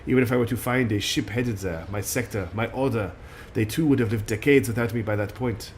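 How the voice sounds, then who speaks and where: A man voicing a stern, brooding female warrior guardian in a game, with a put-on French accent that slips, speaking low and solemn. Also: brisk, slight background noise, natural voice. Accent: put-on French, slipping. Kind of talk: reading game dialogue aloud.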